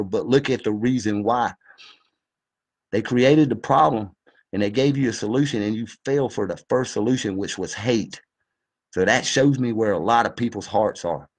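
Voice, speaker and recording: A man's voice: lowish voice, slightly rough. A man giving a fired-up, preachy monologue, folksy and full of swearing. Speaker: video commentator. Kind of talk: impassioned monologue.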